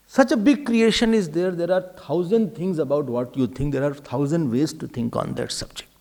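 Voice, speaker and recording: A man's voice: a little high, normal speed, creaky, few pauses, darkish tone. A man with an Indian English accent giving a sermon as a swami, repeating key phrases for emphasis and slipping Hindi words into his English. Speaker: swami giving a spiritual talk.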